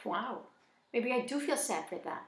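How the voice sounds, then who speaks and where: A woman reading a first-person novel aloud in a plain, even storytelling manner. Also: a little high, moderate pace. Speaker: audiobook reader. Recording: echoey room.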